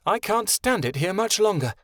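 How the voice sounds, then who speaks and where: A man voicing a young female dragon who is gentle, tearful and defiant, in an emotional, pleading manner. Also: high-pitched, big pitch swings, normal speed, dry recording, studio quality, pitched above the performer's own voice.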